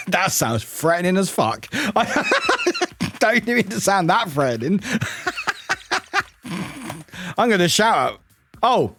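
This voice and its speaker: A man's voice: high-pitched, very animated, slow, long pauses, music in the background. A man streaming a game and chatting casually with viewers, rambling, laughing often and swearing casually.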